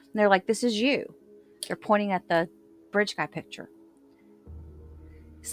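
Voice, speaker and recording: Woman, casual true-crime recapper, mid-pitched, self-correcting, faint music bed. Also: unhurried. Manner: loose recap with filler words and self-corrections, quoting others. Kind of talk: casual retelling of court testimony.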